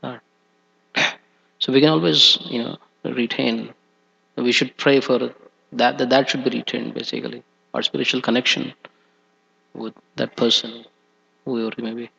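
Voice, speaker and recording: A man's voice: medium pitch, little pitch movement, normal speed, vocal fry, long pauses, bright, forceful tone, husky. A man giving a scripture class in a temple hall, talking hesitantly with many fillers. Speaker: class speaker. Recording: dull echoey hall recording.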